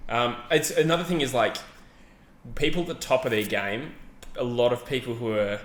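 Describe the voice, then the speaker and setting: A man's voice: medium pitch, moderate pace. A man co-hosting a podcast, chatting casually and hedging as he rambles and corrects himself. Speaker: podcast co-host. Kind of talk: casual chat. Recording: roomy echo, faint background ambience.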